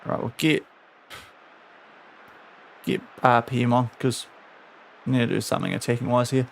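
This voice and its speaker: Exasperated male streamer with gravelly voice. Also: mid-range voice, normal speed, a little hiss or hum. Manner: exasperated, scolds his virtual players aloud. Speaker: game streamer. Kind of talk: casual live-stream commentary.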